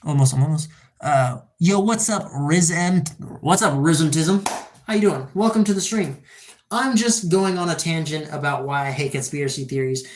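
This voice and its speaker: A person in their twenties livestreaming, chatting casually and rambling excitedly, swearing often and answering chat questions. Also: medium pitch, moderate pace, roomy sound. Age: 20s.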